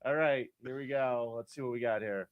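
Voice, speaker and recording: A man's voice: medium pitch, brisk, dry recording, phone-quality sound. A man co-hosting a podcast in casual chat, blunt and swearing freely. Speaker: podcast co-host.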